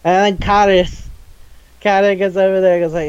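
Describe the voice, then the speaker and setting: A man with a fairly high voice chatting loosely about an anime, swearing freely and tossing off quick character voices as he retells scenes. The sound is dry and a little dull, close to the mic. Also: clear, resonant tone, no echo. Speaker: podcast co-host. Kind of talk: casual chat recapping an anime.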